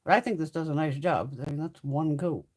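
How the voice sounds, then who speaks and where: A woman's voice: low voice, fairly quick, a little mellow. A middle-aged woman hosting a beauty livestream, chatting casually and bluntly, swearing freely and answering viewers by name.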